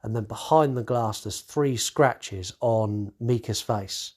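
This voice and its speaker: A man with a fairly low, slightly mellow voice hosts a podcast, slowly recapping a horror movie in a casual way. Swearing comes easily to him; he acts out lines from the characters and often restarts amid many fillers.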